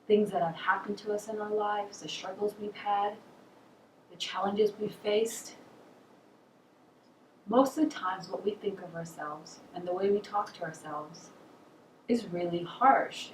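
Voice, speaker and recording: A woman giving an earnest, encouraging self-help talk to camera, asking her listeners questions. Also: medium pitch. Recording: roomy echo, mic set far off, faint hiss.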